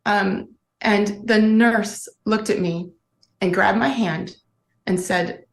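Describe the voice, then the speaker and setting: A woman's voice: mid-range voice, fairly even intonation, takes it slowly, echoey room. A middle-aged woman, an interview guest, telling her story earnestly and emotionally, often restarting her sentences. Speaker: guest, former sportscaster.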